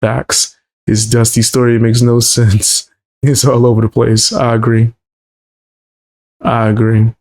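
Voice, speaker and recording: A man's voice: mid-range voice, flat delivery, a little slow, darkish tone. A man streaming his reaction to a clip, mocking and incredulous, talking in heavy slang. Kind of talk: casual reaction commentary.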